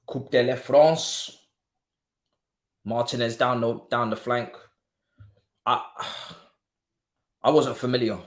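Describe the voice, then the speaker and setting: A man's voice: medium pitch, steady tone, takes it slowly, long pauses. A young man streaming a live football watchalong, talking in slangy, exclamatory bursts and muttering asides to himself.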